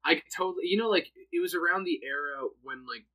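A man's voice: fairly high pitch, quick pace, pushed and bright, low-quality recording. A young man from New Jersey, a podcast guest chatting casually and telling stories with lots of laughter and "like"s. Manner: laughs often, storytelling with many "like"s. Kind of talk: casual chat.

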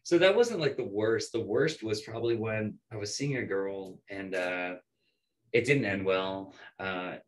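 A young man, a bartender, telling animated stories in casual chat, swearing and acting out quotes. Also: on the low side, unhurried, low-quality recording. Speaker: bartender guest. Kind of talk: casual storytelling.

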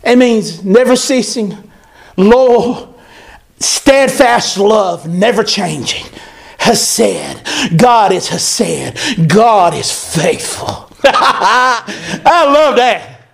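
Male pastor, very high voice, animated emphatic sermon delivery. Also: extremely slow, gravelly. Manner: animated, emphatic preaching with repetition.

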